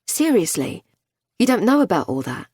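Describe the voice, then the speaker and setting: A woman's voice: medium pitch, very animated, moderate pace, darkish tone, slightly rough, no echo, studio quality. A woman reading the part of a defiant young man being questioned, prickly and scornful. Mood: smug.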